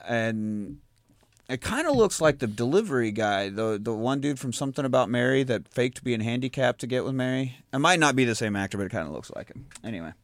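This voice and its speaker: A man's voice: medium pitch, animated, brisk, dry recording, clean studio sound. Rambling, profane man chatting on a mic. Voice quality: profane, rambling, laughs often. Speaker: podcast host recapping a movie. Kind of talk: casual chat.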